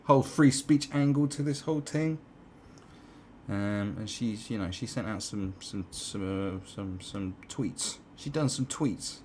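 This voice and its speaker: A man's voice: lowish voice, unhurried, a little mellow, slight background noise. A man giving rambling, sarcastic opinion commentary, full of fillers and asides.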